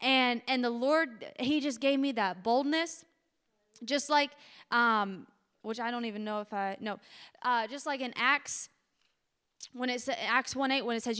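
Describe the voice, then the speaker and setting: A woman's voice: sits high, pushed and bright, smooth. A woman preaching a testimony sermon with passion, her voice cracking with emotion as it builds.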